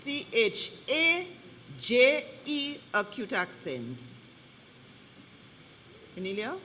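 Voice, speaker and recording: Give me a bright, crisp-sounding pronouncer at a spelling bee, deliberate and repeating each word. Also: medium pitch, wildly swooping pitch. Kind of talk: reading out words at a competition. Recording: echoey hall, faint background noise.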